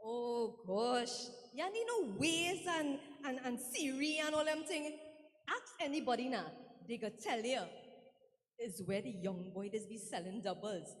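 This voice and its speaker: A woman's voice: fairly high pitch, lively intonation, a little slow. A woman acting as a boastful, nosy older village gossip in a stage comedy skit, chatty and rambling, with a Trinidadian accent. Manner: chatty, rambling, dialect-heavy. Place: live stage in a hall. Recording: reverberant hall stage.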